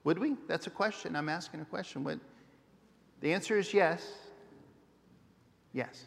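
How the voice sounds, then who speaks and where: A man's voice: on the high side, unhurried, creaky, long reverb tail. A man preaching a sermon as pastor, earnest and often putting questions to his congregation. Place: church sanctuary.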